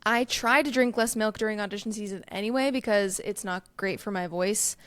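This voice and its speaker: A young woman co-hosts a chatty podcast and tells stories with a lot of expression. She swings her pitch up and down when she plays the people in her tale. Her voice sounds dry and close, with no room echo. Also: fairly quick. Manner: animated storyteller, acts out quoted people with pitch jumps. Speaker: podcast co-host. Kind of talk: casual chat, storytelling.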